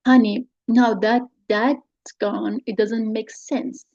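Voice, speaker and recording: A woman's voice: on the high side, fairly even intonation, takes it slowly, a little mellow, no room sound. A woman reading the lines of a managing, bossy older sister from a play, in a dull, dry recording. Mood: insistent. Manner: insistent, persuasive. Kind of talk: reading a play scene aloud.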